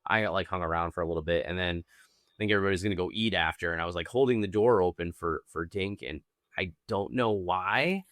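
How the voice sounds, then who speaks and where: This man sits low in pitch but sounds fairly bright, talking a little fast with clean studio sound and no echo. Co-hosting a podcast, he tells a meandering anecdote in casual chat, constantly saying "like" and "I don't know."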